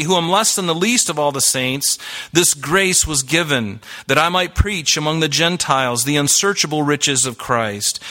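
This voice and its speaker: A man's voice: fairly high pitch, sharp tone. A man preaching a sermon in a church, explaining scripture in an earnest, teaching way. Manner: earnest, explains Greek words, quotes scripture. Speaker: pastor. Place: church hall with live audience.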